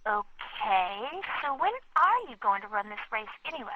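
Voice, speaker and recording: An actress playing a sweet, gentle, caring cartoon girlfriend in a video game, heard over a phone. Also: medium pitch, very animated, normal speed, lightly acted. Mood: concerned. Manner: soft, caring, fussy. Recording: muffled phone call with hiss.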